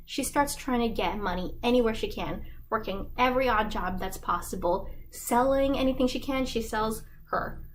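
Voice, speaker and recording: A woman's voice: a little high, moderate pace, few pauses, a little hiss or hum, rough recording. A woman giving a casual, slangy plot summary, chatty and full of likes. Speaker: fandom explainer host.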